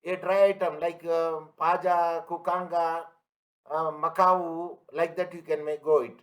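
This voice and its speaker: A man's voice: a little high, little pitch movement, a little slow, rough recording. A man teaching an online class, repeating his points and asking students if they follow. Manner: everyday analogies, emphatic. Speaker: lecturer.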